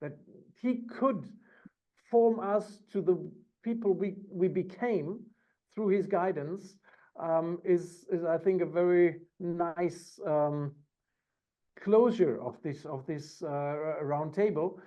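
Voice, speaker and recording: A man hosting a round-table chat over a video call, searching for words with frequent fillers and repeated starts. His voice sits a little high. The call audio is dull and lo-fi. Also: slow, warm tone. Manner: hesitant, many restarts and fillers. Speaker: host.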